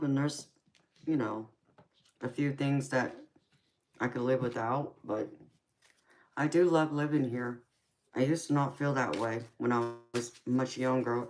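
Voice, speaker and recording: A woman with a Southern US accent in casual live chat as a tarot reader, laughing often and calling listeners "baby". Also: rumbling low. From United States.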